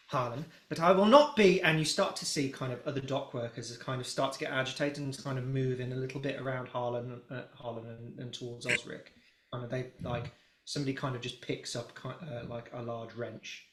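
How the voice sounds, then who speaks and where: A man's voice: mid-range voice, a bit bright. A man narrating as game master of a tabletop game, rambling, with many fillers and restarts. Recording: roomy echo.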